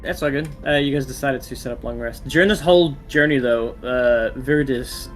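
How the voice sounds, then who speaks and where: A man's voice: mid-range voice, brisk, music in the background. A man narrating as dungeon master in a tabletop game, talking with many restarts and fillers.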